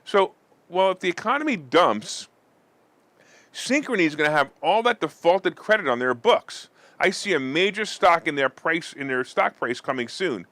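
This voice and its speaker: A man's voice: on the high side, lively intonation, normal speed, sharp tone, no room sound. A man hosting a finance and politics show, reading his commentary with sarcastic asides. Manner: sarcastic, mock-weeping theatrics. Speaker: host.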